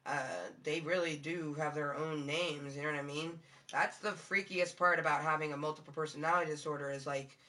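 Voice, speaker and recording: A woman streamer chatting casually with her viewers, with a low-toned voice, rambling through fillers, swearing and giggling. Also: sharp tone. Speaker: live streamer.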